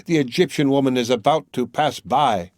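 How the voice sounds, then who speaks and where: A man reading the part of a bitter, grief-crazed old female recluse in a slow, trembling, anguished voice. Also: medium pitch, a little mellow, no echo, studio quality, close to an everyday voice.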